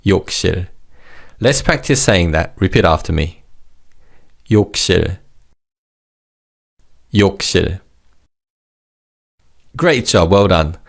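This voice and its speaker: A man teaching a language lesson in a clear, encouraging way, modelling words for the listener to repeat. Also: low voice, expressive, a little slow, long pauses.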